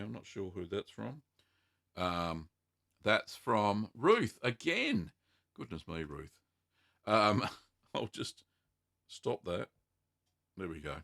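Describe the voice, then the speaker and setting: A man, hosting a casual live-stream Q&A, answering viewer questions in an unhurried, chatty way with plenty of ums. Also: low-pitched, gravelly, bright, forceful tone, no echo, clean studio sound. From Australia.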